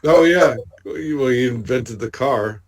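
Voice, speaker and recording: A man co-hosting a casual podcast chat. He drops in slow, unhurried remarks. His pitch is average for a man. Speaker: podcast co-host.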